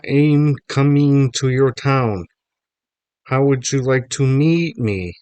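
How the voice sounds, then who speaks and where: A man voicing a goofy dad who puppets a stuffed gecko, drawling in a slow, hammy mock-foreign put-on. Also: medium pitch, a little mellow, clear, resonant tone, no room sound, voice pushed up, close to an everyday voice.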